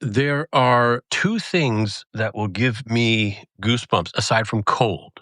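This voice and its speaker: A man's voice: mid-range voice, slow pace, fairly bright tone, dry recording, clean studio sound. Easygoing middle-aged man chatting. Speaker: podcast guest. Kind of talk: casual chat.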